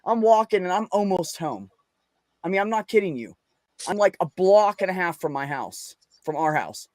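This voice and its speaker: A man with a fairly high voice tells a long story in a casual chat, swearing freely and acting out his own past lines. The sound is dry and close. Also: very animated, normal speed, darkish tone, dry recording. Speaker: podcast host.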